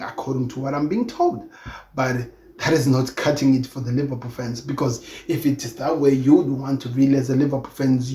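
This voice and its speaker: A man's voice: medium pitch, mellow. A man giving his opinion on football in an earnest, emphatic way, often repeating himself as he hosts his own channel. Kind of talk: opinion commentary monologue. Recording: echoey room with faint ambient noise.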